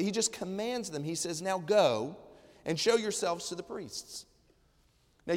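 A middle-aged male pastor preaching a sermon, animated and acting out people's words in quoted voices. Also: a little high, long reverb tail.

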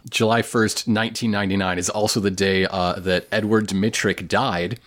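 A man's voice: sits low, steady tone, normal speed, a bit bright. A man co-hosting a casual podcast, recapping an anime episode with wry, digressive trivia asides. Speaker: podcast co-host.

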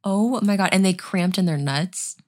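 A woman's voice: medium pitch, moderate pace. A young woman co-hosting a podcast, chatting casually in a blunt, rambling way and swearing freely. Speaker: podcast co-host. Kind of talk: casual chat.

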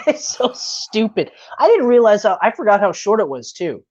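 A woman co-hosting a casual chat, animated and laughing, who swears freely. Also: medium pitch, moderate pace, dull audio. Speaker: co-host.

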